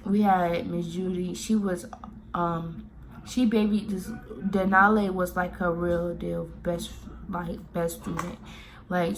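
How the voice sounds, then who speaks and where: A woman from Miami telling a story-time vlog, talking casually and circling back with lots of "like" and restarts. Her voice sits slightly low, with faint background hiss. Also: vocal fry, a bit bright. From Miami, Florida. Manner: rambling, full of "like" fillers and restarts. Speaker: vlogger telling a personal story.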